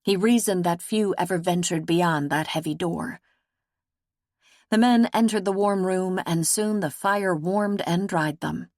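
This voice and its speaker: A woman reads an audiobook in a measured, steady way with a fairly low voice. The recording is close and dry, with no room sound. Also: no room sound. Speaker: audiobook narrator. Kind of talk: scripted audiobook narration.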